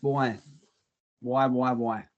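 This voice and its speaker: A man's voice: mid-range voice, fairly even intonation, very slow, lo-fi sound. A man co-hosting a podcast in casual chat, blunt and swearing freely. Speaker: podcast co-host.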